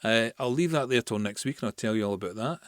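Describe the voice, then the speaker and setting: A man's voice: medium pitch, dry recording. Male host with an ordinary mid-range voice, telling history in a chatty way full of restarts, recorded dry and close. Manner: chatty, with restarts and fillers, reads verse slowly. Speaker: podcast host. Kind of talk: casual storytelling and poetry reading.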